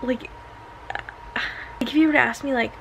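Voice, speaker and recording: A woman's voice: high-pitched, steady tone, moderate pace, vocal fry, a little hiss or hum, rough recording. Chatty young woman reviewing a book. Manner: chatty, filler-heavy, sarcastic asides. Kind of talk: casual read-along book review.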